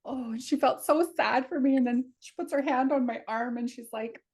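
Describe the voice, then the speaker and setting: A woman's voice: high voice, brisk. Chatty woman telling a story. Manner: animated, acts out quotes, laughs often. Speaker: podcast co-host. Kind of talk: casual storytelling chat.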